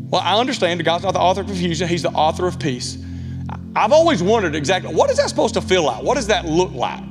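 A man's voice: high-pitched, sing-song, quick pace. A man in his thirties with a Southern Alabama accent, preaching a folksy, candid sermon with lots of asides. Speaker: pastor. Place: church sanctuary. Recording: long church reverb with music.

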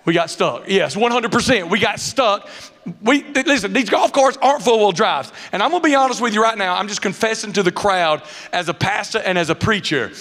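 A high-pitched man with a drawl preaches from the pulpit, telling funny stories with loose country grammar and lively acted-out quotes. His voice rings through a big church hall with a long echo behind it. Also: fairly quick. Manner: animated storyteller, dialect grammar, acts out quotes. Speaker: pastor. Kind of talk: sermon with humorous personal stories. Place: church sanctuary. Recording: reverberant hall sound.

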